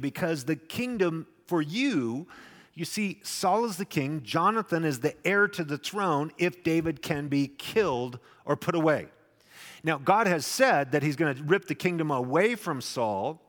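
A man's voice: fairly high pitch, fairly bright tone. A male pastor preaching a sermon, teaching through a Bible passage in a conversational way with wry asides. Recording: long reverb in a large hall.

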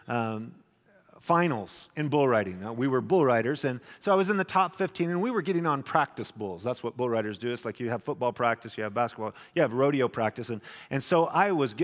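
Animated preacher in a reverberant hall. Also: male voice, on the high side. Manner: animated storyteller, acts out voices. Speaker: pastor. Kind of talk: sermon with personal stories.

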